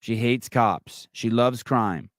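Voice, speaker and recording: A man's voice: mid-range voice, takes it slowly, no echo, clean studio sound. A middle-aged man hosting a live call-in podcast, brash, mocking and profane in casual chat. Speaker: podcast host.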